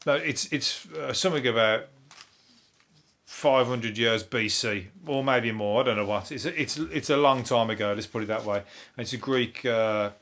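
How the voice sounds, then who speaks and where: A man's voice: mid-range voice, moderate pace, fairly bright tone. An English man hosting a comedy podcast, chatting casually in a rambling way, swearing freely and chuckling often.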